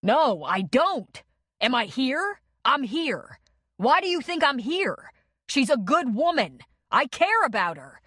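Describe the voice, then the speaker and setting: Woman voicing a brawling young cowboy, shouting. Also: medium pitch, big pitch swings, moderate pace, no room sound, clean studio sound. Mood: angry, shouting. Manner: shouting, defensive. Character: angry young male cowboy with split lip.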